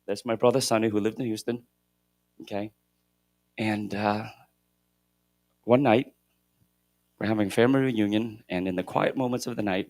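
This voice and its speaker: A middle-aged man giving a motivational keynote at a conference, shifting between loud emphasis and hushed moments. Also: lowish voice, fairly even intonation, moderate pace, long pauses, dry recording, clean studio sound. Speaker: keynote speaker at a real estate conference. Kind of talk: motivational storytelling speech. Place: conference hall stage.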